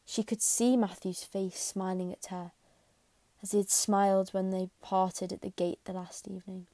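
A woman reading a classic novel aloud as a gentle, steady audiobook narrator. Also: mid-range voice, moderate pace, dry recording. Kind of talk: scripted narration.

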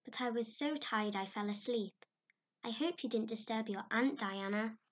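A woman reading a storybook, voicing a kindly, tired middle-aged mother who speaks gently. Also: fairly high pitch, moderate pace, natural voice.

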